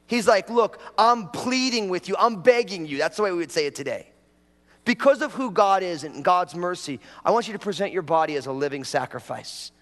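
High-voiced preaching man in a reverberant hall. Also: a bit bright. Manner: conversational preaching with audience prompts and jokes. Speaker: pastor. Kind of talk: sermon.

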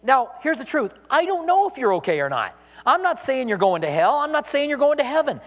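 A male pastor preaches fairly quickly in a high, lively voice that swings up and down as he acts out the people he quotes. His sermon rings through a big hall with long reverb.

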